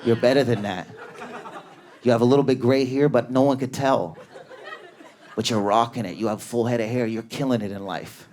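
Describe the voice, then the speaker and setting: A man doing a stand-up comedy set in a club, riffing at high energy on an audience member. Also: normal speed, long pauses, a little mellow, slight background noise. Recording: live club with a laughing crowd. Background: audience laughter.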